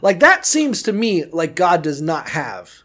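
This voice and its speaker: A man co-hosting a podcast in casual chat, swearing freely and rambling with animated emphasis. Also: sits high, measured pace. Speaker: podcast co-host.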